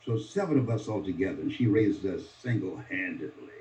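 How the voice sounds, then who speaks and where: A man in his seventies from Miami delivers a motivational speech as dramatic storytelling, his mellow voice rising and falling widely. He sounds distant in an echoing room, and the recording is dull and lo-fi. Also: sits low, expressive, brisk. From Miami, USA. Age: 70s. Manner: dramatic storytelling with sweeping voice changes. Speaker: motivational speaker.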